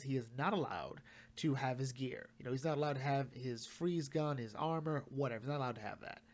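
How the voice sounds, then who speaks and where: A man casually reviewing and recapping a comic run, chatting loosely and acting out the characters' lines. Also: on the high side.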